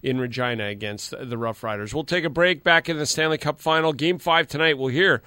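A man hosting sports talk radio, interviewing guests and reading plugs briskly. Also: a little high, bright, forceful tone, clean tone, no room sound. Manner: brisk, reads promos and plugs.

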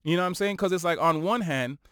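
A man talks through his stories in a relaxed, animated way, often tagging on "you know what I'm saying". His voice sits mid-range and comes through smooth and clear. The recording is dry and close. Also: high-pitched, fast talker, dry recording. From Toronto, Canada. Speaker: guest musician. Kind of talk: casual interview chat.

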